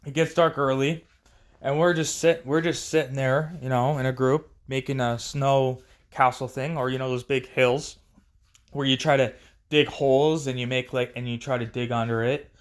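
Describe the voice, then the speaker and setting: A man's voice: medium pitch, little pitch movement, normal speed. A man telling a personal story casually on a vlog, rambling with many restarts and fillers. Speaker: storyteller vlogger.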